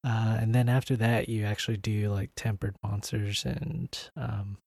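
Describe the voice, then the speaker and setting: Low-voiced, hesitant podcast co-host. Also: male voice, level tone, a little slow, a little mellow, breathy edge, no room sound. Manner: hesitant, lots of filler words, low-key. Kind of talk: casual podcast chat.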